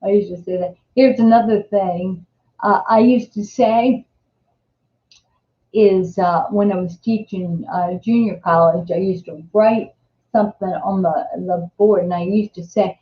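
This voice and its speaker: Chatty older Jersey woman, slow. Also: medium pitch, fairly even intonation. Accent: New Jersey. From New Jersey. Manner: rambling, chatty, many restarts and fillers. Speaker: host. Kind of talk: casual live-stream chat. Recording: echoey room, dull lo-fi sound.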